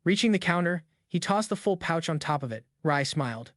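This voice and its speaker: A man's voice: a little high, no room sound. Dry, close male recap narrator. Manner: even, brisk storytelling. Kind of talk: scripted story narration.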